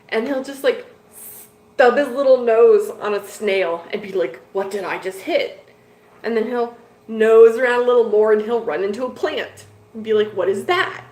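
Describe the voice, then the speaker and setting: A woman chats casually to her viewers, rambling from one thing to the next with a steady stream of "like" and "dude." Her voice sits at a middle pitch. The room is echoey, with a faint background hum. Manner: rambling and chatty, with lots of "like" and "dude". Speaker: host of a fish-keeping live stream. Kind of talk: casual live-stream chat, answering viewers. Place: home room with fish tanks.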